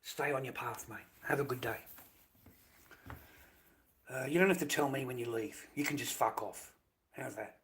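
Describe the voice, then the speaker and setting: An Australian man ranting casually on his live stream, profane, rambling and dismissive. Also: mid-range voice.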